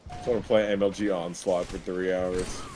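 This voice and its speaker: Low voice young dude gaming, chill short comments, gunfire noise behind. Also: male voice, level tone, a little fast. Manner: laid-back, curt gamer remarks. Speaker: podcast co-host and gamer. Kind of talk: casual chat while gaming. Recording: game sound noise behind. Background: video game gunfire.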